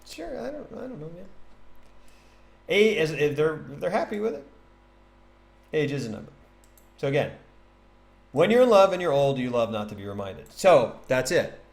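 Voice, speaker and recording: A man casually teaching a poem on a livestream, chatty and animated, thinking aloud and tapping out rhythms. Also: a little high, moderate pace, creaky, pauses often. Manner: taps out rhythm with nonsense syllables. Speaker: streamer explaining a poem.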